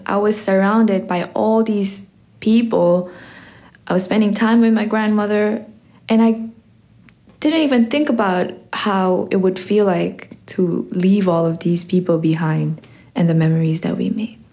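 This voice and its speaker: A teenage girl telling a personal story on stage, slow and reflective. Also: mid-range voice, warm tone. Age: teens.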